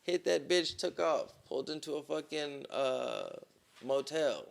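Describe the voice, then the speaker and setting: A man on a podcast telling a long story in casual, profane talk, with plenty of "boom" and "right?". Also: a little slow, gravelly. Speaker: podcast co-host.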